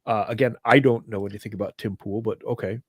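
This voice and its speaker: A man co-hosting a casual livestream, chatty and quick to laugh, going off on rambling asides. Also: on the low side, fairly even intonation, breathy edge, no room sound. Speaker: livestream co-host.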